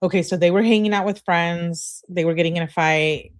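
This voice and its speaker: A woman's voice: lowish voice, fairly even intonation, a little fast. A young woman casually reading text messages aloud on a live stream, adding blunt, chatty commentary of her own. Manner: chatty, blunt, reads quotes with a lifted voice. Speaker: online true-crime host.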